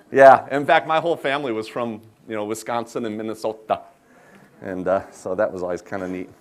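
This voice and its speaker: A man from South Dakota with an Upper Midwest American accent, chatting with a live audience in a folksy, joking way while demonstrating a cooking recipe. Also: medium pitch. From South Dakota, USA. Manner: chatty, folksy, self-deprecating humor. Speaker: chef giving a cooking demonstration.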